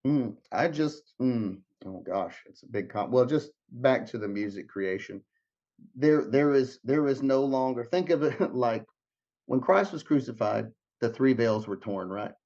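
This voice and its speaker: A man speaking as an interview guest at a middle pitch, wandering through his thoughts with frequent restarts and filler words. His audio sounds dull and lo-fi. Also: animated, measured pace, a little mellow. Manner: rambling, many restarts and fillers. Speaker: guest musician. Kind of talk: casual interview talk.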